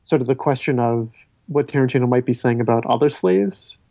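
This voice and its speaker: Male podcast host, rambling and talkative, warm mellow timbre. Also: mid-range voice, brisk, creaky, no echo. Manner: rambling, self-interrupting, stammers on restarts. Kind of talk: casual film discussion.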